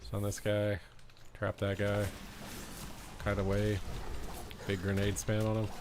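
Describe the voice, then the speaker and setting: A man's voice: fairly low pitch, monotone, takes it slowly, long pauses, background noise. A young man streaming a game, giving live play-by-play in an incredulous, reactive way full of slang. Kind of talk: live gameplay commentary.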